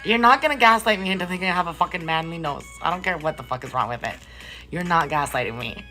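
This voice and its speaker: Woman streamer, casual profane chat, lively swooping pitch, bright edge, faint music behind. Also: fast. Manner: animated, profane, incredulous rants to chat. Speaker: live streamer chatting with viewers. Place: hotel room.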